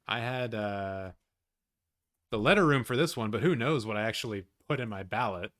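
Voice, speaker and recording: Dude streaming a live reaction, lowish voice, swears a bunch and yells at chat. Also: male voice, normal speed. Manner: excitable, swears a lot, talks to chat. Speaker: streamer hosting a live watch-along.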